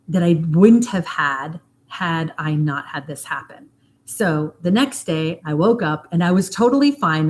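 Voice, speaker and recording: A middle-aged woman with a slightly low voice speaks casually to her livestream audience as a hypnotherapist. She is chatty and animated, and she slows right down when she wants a point to land.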